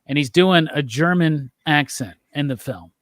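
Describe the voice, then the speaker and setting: Animated man hosting a movie chat. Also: fairly high pitch, moderate pace, no echo, clean studio sound. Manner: animated, enthusiastic, leads the discussion. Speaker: podcast host. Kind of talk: casual movie review chat.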